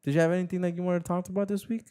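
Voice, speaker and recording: A man's voice: high-pitched, level tone, racing, warm tone, clear, resonant tone. Slangy rambling young man host. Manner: rambling, slangy, repeats himself. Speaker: podcast host. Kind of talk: casual chat.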